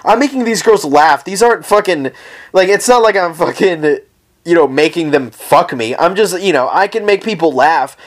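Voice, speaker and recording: A man's voice: sits high, lively intonation, moderate pace. A man hosting his own podcast, ranting profanely and rambling comically while lying down at home. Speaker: podcast host. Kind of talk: casual solo podcast rant.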